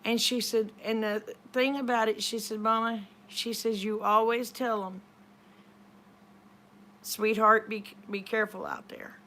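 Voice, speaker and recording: A woman's voice: fairly high pitch, flat delivery, a little slow, pushed and bright. Chatty woman telling a story. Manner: chatty, retells conversations with lots of "she said". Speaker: vlogger. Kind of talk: casual storytelling.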